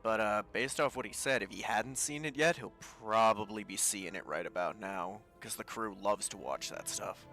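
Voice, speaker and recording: A male player with a fairly low, bright, forceful voice, casual and swearing freely as he plays a live tabletop game. Faint music sits in the background. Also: normal speed, few pauses. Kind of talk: live-streamed tabletop role-play.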